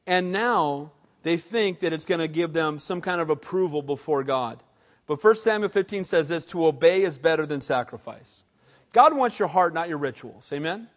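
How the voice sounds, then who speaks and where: A man preaching a sermon as pastor, animated and asking the congregation questions. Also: high-pitched, big-room sound. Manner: animated, asks the crowd questions.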